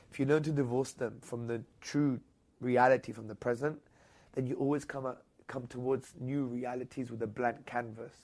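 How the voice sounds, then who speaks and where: A man with a British accent, a guest in an interview, telling a story with lively energy and rising, loud bursts when he quotes people. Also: mid-range voice.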